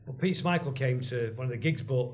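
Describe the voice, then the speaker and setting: A man's voice: mid-range voice, quick pace, darkish tone. A man, a guest telling rambling stories full of restarts and asides in casual chat. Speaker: guest, former band drummer.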